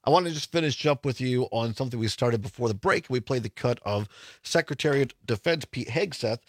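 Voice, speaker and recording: A man's voice: medium pitch, brisk, no room sound, studio quality. An older man hosting a radio talk show, chatting casually with many restarts and stammers. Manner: rambling, frequent restarts and stammers. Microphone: studio microphone.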